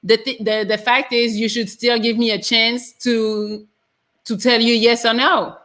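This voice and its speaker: A woman's voice: on the high side, level tone, a little slow, fairly bright tone. A woman hosting a live talk show, arguing bluntly and frankly and swearing freely. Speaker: show host. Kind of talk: casual debate on a live show.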